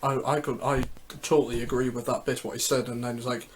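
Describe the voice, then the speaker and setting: A YouTuber works through his Olympic Games rankings in a casual vlog, talking fast with hardly any pauses in a mid-range voice that barely moves in pitch. His speech is hesitant and repetitive, with "so yep" filling the gaps while he thinks.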